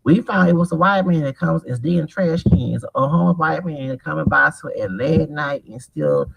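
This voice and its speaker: A man in his forties telling a rambling, profane story in an animated vlog monologue. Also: on the high side, normal speed, vocal fry, breathy edge, no echo, lo-fi sound. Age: 40s. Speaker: vlogger. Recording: distant mic with loud background noise.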